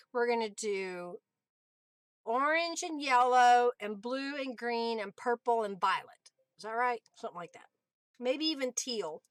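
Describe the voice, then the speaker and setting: A woman's voice: sits high, fairly bright tone, dry recording. A woman hosting a crafting livestream, chatting easily and answering viewers by name between laughs. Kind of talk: casual livestream chat while crafting.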